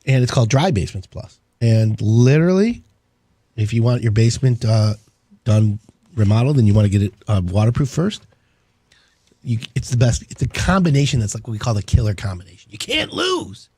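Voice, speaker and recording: A man's voice: medium pitch, very animated, brisk, mellow, breathy edge, no room sound. A man hosting a home improvement radio show, rambling in enthusiastic salesman patter. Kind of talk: casual on-air talk.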